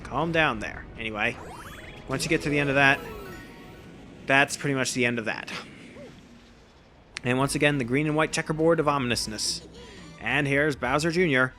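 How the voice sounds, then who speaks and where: Bright-voiced man casually narrating gameplay. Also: medium pitch, moderate pace, pauses often, faint music behind. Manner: casual, rambling, self-deprecating. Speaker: gameplay commentator. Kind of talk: let's play commentary.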